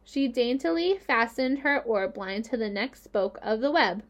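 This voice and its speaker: A woman reading a children's novel aloud in a gentle storytelling voice. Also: a little high, animated, unhurried. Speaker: reader.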